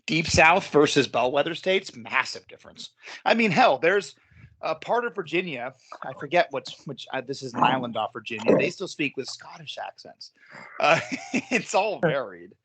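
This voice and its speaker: A man's voice: on the high side, expressive, moderate pace, a bit bright, slight background noise. A man co-hosting a casual history podcast, enthusiastic, laughing often and swearing now and then. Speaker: podcast co-host.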